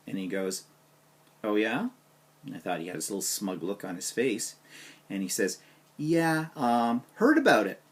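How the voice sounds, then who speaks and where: A man vlogging to camera, telling a personal story in a casual, animated way and acting out the dialogue. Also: fairly low pitch, husky. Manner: animated anecdote with quoted dialogue.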